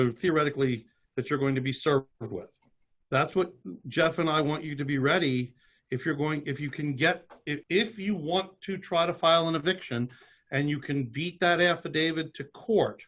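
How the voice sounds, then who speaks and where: Host type, man, conversational webinar delivery, slightly high voice. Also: a bit bright. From Kentucky. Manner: reads legal text aloud with asides. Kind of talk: casual webinar talk.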